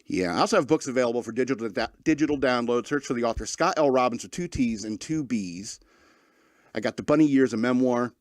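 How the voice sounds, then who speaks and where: A man hosting a comedy radio show, rambling through his monologue with plenty of fillers and restarts. His voice is mid-pitched and ordinary. The sound is dry and close. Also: no room sound.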